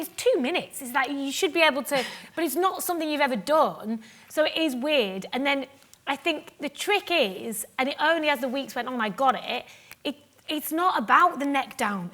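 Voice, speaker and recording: A woman from Cumbria, a guest on a live festival stage, chatting in an animated, self-mocking way, laughing often and acting out what others said to her. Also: high voice. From Cumbria, England. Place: festival stage before an audience. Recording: live stage mic with audience ambience.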